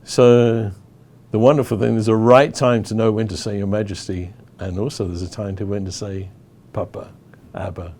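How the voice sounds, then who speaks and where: A man from England teaching about worship in stages, telling a story with lively acted-out crowd chants. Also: lowish voice, moderate pace. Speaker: worship leader.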